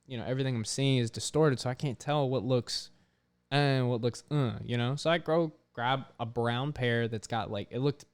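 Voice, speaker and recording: A young man, a podcast host, telling a story in casual chat, animated, swearing often and filling his talk with "like". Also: medium pitch, normal speed, clear, resonant tone.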